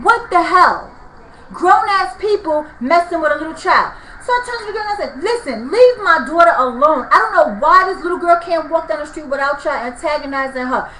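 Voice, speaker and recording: A woman's voice: high-pitched, pushed and bright. A woman, ranting angrily to her viewers about a street confrontation. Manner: heated, ranting, addresses viewers as "people" and "y'all". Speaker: vlogger. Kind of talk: angry storytime vlog. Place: apartment room. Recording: echoey room with faint noise.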